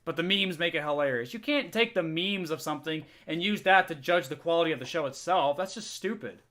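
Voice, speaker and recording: Bright-voiced man, exasperated commentary. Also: fairly high pitch, a little fast. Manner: exasperated, defensive. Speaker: host reacting to a video. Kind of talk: casual commentary.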